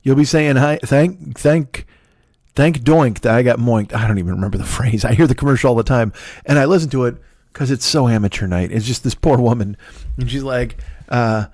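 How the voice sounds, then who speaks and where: A man's voice: mid-range voice, fast, a little mellow, dry recording, clean studio sound. A man in his fifties hosting a solo comedy podcast, rambling in a profane, self-mocking way with wandering asides. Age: 50s. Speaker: podcast host.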